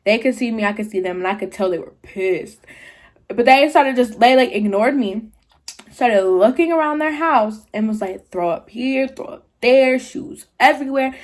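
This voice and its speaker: A young woman vlogger retelling a party story in casual slangy talk, full of "like", with animated jumps into quoted voices. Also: medium pitch. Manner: slangy, filler-heavy, 'like' often.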